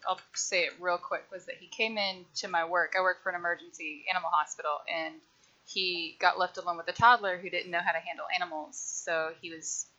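Woman, lowish bright voice, chatty storyteller, lo-fi mic. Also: fairly even intonation, fairly quick. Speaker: podcast panelist. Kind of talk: casual chat. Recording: dull lo-fi mic.

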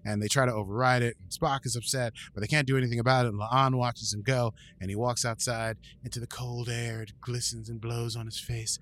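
Male co-host, lively casual recapper, voices the quotes as he tells it. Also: medium pitch, fairly quick, hardly any pauses. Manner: animated, acts out quotes in voices. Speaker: podcast co-host recapping an episode.

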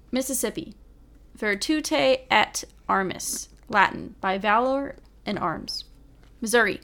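A woman reads through a long list at an unhurried, careful pace, her voice sitting in an ordinary middle register. She takes each item deliberately, sometimes tripping over unfamiliar foreign words and apologizing with a laugh. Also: medium pitch, a bit bright. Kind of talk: casual reading of a list.

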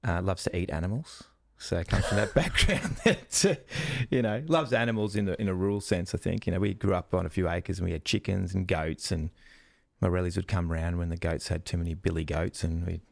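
Deep gravelly man. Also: fairly quick, no room sound, clean studio sound. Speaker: guest. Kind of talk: casual interview chat.

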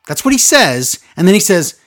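A man talks in a casual podcast chat, and his pitch jumps up and down a lot as he goes. He rants with sarcastic exasperation, throwing out incredulous questions. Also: big pitch swings, normal speed, fairly bright tone. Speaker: podcast co-host recapping wrestling.

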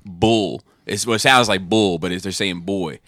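A man's voice: low voice, moderate pace, pushed and bright, no room sound, clean studio sound. A man co-hosting a podcast in casual chat, stammering and laughing and mimicking accents. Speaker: podcast co-host.

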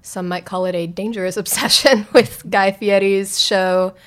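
A woman's voice: medium pitch, fairly even intonation, moderate pace. A woman guest on a podcast, a writer, talking casually with wry, dry humor.

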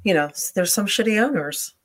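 A woman's voice: mid-range voice, animated, brisk, a little hiss or hum. A woman hosting a talk show, chatting casually with many fillers and restarts. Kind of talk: casual chat.

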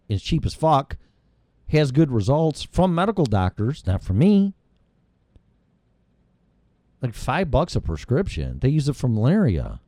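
A man's voice: mid-range voice, dark tone, no room sound. A middle-aged man hosting his own show, delivering a heated, rambling monologue full of profanity. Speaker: show host. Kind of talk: ranting monologue.

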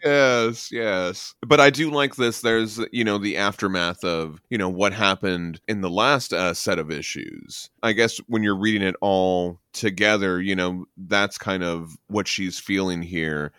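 A man's voice: sits low, measured pace, hardly any pauses, bright, forceful tone, clean tone, no room sound, clean studio sound. A man co-hosting a podcast, talking enthusiastically about a comic book, with many fillers and restarts. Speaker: podcast co-host. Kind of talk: casual comic book discussion.

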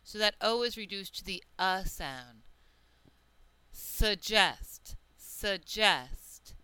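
A woman teaching a pronunciation lesson, reading out example words slowly and deliberately. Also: medium pitch, expressive, bright, forceful tone, clear, resonant tone, dry recording, rough recording. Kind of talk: slow, careful pronunciation lesson.

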